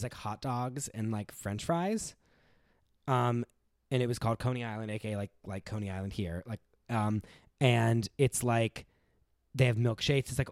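A man from the United States in casual chat, rambling with lots of fillers and lively impressions of his mother. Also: fairly low pitch, no room sound, clean studio sound. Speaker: guest.

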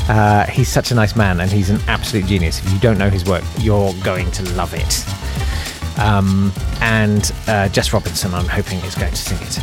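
A man hosting a solo podcast, telling stories in a rambling, wry way. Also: low voice. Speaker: podcast host. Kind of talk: casual solo podcast monologue.

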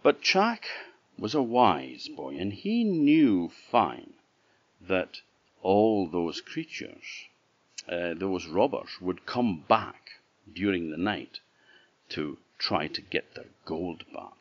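A man with an Orcadian Scottish accent telling a traditional folk tale in an unhurried, sing-song way with repeated refrains. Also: deep voice, very animated. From Orkney Islands, Scotland. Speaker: traditional storyteller. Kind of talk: oral folk-tale storytelling. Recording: dull lo-fi recording.

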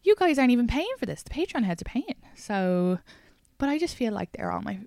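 A woman's voice: fairly high pitch, very animated, brisk, gravelly, a little mellow, no room sound, studio quality. A woman with an Irish accent hosting a solo comedy podcast, chatting in a rambling, sweary, self-deprecating way. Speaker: podcast host and stand-up comedian. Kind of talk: casual solo podcast monologue. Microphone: studio podcast microphone.

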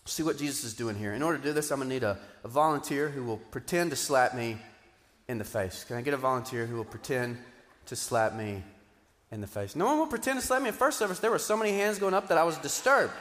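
A man preaches from the stage of a church auditorium, his voice carrying a long hall reverb. He is animated and keeps swinging from loud, emphatic bursts down to quiet asides. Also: medium pitch, fast. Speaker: pastor. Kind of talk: sermon.

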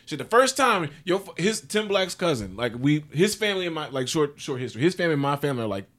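A man spinning a story in casual chat, profane and animated. His voice sits a little high and jumps around a lot in pitch. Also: fast talker.

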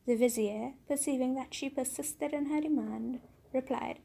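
Brief: female storyteller, high, husky, mellow tone, calm storybook reading. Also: moderate pace, poor audio. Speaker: podcast host, storyteller.

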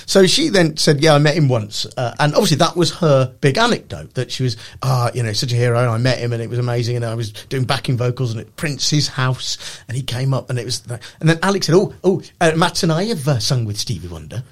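A man's voice: mid-range voice, quick pace, hardly any pauses. A man co-hosting a casual comedy podcast, joking and acting out quotes with laughter. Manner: animated, laughs often, acts out quotes. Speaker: podcast co-host. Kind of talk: casual comedic chat, retelling a TV show.

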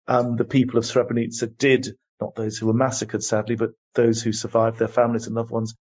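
An older man answering interview questions as a guest, telling his story in a passionate, emphatic and measured way. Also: mid-range voice, monotone, darkish tone. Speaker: guest, human rights advocate. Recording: dull lo-fi audio.

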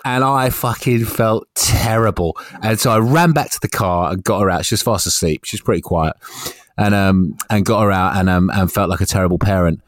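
A man in his thirties chatting casually as a podcast co-host, relaxed and swearing freely as he tells stories. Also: lowish voice, no echo. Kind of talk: casual chat.

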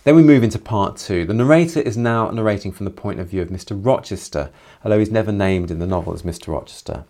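A man with a slightly low voice talks through a novel's chapters. He moves between plain summary and thoughtful commentary, adding his own reactions along the way. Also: fast, warm tone. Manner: reflective, with personal asides. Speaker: literature commentator.

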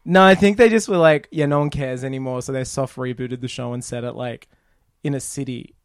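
A man's voice: mid-range voice, expressive, brisk, dry recording, studio quality. A young man co-hosting a podcast, chatting casually and rambling with lots of fillers and laughs. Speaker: podcast co-host. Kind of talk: casual chat.

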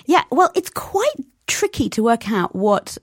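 A woman's voice: a little high, very animated, a little slow, breathy edge, no echo, studio quality. A woman, a novelist, talking animatedly as an interview guest and acting out quoted voices. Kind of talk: conversational interview.

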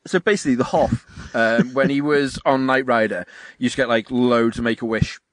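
An animated man co-hosting a casual chat, telling stories with swearing and frequent laughter. His voice sits at a middling pitch, recorded close and dry with no room sound. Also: fairly quick, no echo. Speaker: podcast co-host.

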